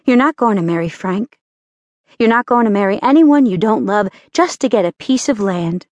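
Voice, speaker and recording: A woman's voice: mid-range voice, expressive, moderate pace, darkish tone, no room sound, lo-fi sound, lightly acted. A woman narrator voicing a fierce middle-aged mother in an audiobook, speaking in a raised, impassioned voice. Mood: firm.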